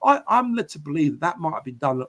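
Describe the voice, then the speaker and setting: A man's voice: a little high, big pitch swings, fast talker, a bit bright. A man hosting a live football podcast, reading out viewers' comments and chatting back casually. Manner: chatty, reads out viewer comments and answers them. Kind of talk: casual live-stream chat.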